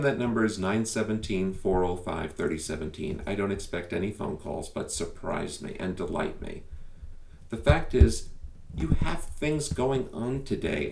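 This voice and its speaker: A man's voice: deep voice, creaky, darkish tone, distant mic. A man hosting a podcast, speaking straight to his listeners in an emphatic, conversational way full of rhetorical questions. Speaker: podcast host. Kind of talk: direct-to-listener podcast monologue. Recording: echoey room, a bit off mic.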